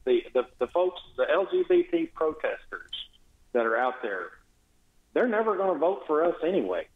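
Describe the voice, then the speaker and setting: A man's voice: on the high side, big pitch swings, moderate pace. A man, a state legislator, giving a blunt, sarcastic and exasperated phone-in radio interview. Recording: tinny echoey phone line.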